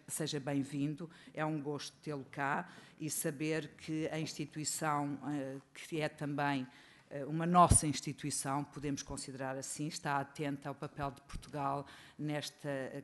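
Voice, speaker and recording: A man's voice: on the high side, flat delivery, fast talker, fairly bright tone, slight background noise. A politician, a man, giving a formal welcome speech with frequent hesitation fillers.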